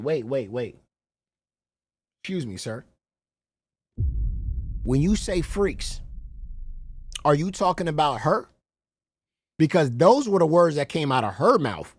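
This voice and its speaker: Mocking streamer with a swinging pitch. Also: male voice, very animated, takes it slowly, pauses often, no echo. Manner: incredulous, mocking, swears freely, repeats "bro". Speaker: reaction streamer. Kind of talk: profane reaction commentary.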